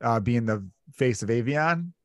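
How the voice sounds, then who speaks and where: A man's voice: medium pitch, lively intonation, measured pace, no echo, clean studio sound. A male comedian guest in casual podcast chat, rambling and jokey, acting out quotes.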